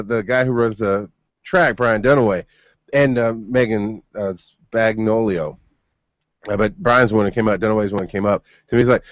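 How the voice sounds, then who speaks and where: A man's voice: medium pitch, no room sound. Muffled rambling male podcast co-host. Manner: rambling storytelling with frequent laughs. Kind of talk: casual chat. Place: home studio. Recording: muffled dry remote recording.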